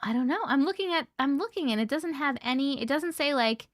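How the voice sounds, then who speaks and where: Bubbly high-voiced woman streamer. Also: lively intonation, fairly quick, no echo, studio quality. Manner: bubbly, greets viewers by name, chatty. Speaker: livestream host. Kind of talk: casual livestream chat reading comments.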